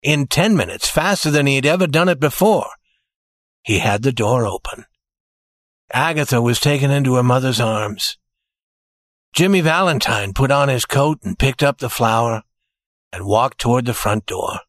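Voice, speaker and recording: A man reading a story aloud in a steady, expressive narrating style. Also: mid-range voice, normal speed, dry recording, studio quality.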